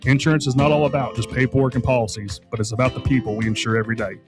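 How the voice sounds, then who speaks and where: A man's voice: medium pitch, flat delivery, rapid-fire. A man from Tennessee, reading a friendly, folksy radio ad. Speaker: insurance ad spokesman. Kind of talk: scripted radio ad. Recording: guitar music bed behind.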